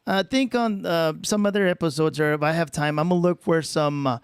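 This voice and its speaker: A podcast host from Texas chats casually, moving freely between English and Spanish. His voice sits a bit high for a man. The sound is dry and close. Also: a little fast, clean tone, dry recording. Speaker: podcast host, mariachi musician. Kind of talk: casual bilingual chat.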